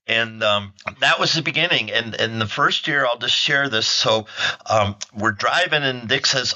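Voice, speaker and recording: A man's voice: mid-range voice, normal speed, muffled recording. An older man telling hunting stories in a casual interview, acting out the moments and laughing often. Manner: animated storyteller, acts out shots and quotes, laughs often.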